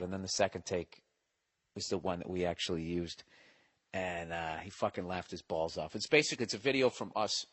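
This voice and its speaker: A man hosting a podcast, telling a road trip story in a casual comedic monologue, profane and animated. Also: mid-range voice, dry recording. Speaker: podcast host.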